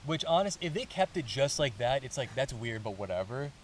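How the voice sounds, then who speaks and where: A man's voice: mid-range voice, a little fast, slight background noise. A man co-hosting a podcast, chatting casually and recapping a manga plot, acting out the characters' lines as he goes. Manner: animated, acts out characters' lines mid-story. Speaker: podcast co-host.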